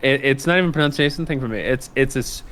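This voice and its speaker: A man's voice: medium pitch, racing, fairly bright tone. A young man from Nashville with a light Southern accent, rambling loosely and swearing in casual chat. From Nashville, Tennessee. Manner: rambling, swears, laughs at his own stories. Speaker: co-host guest.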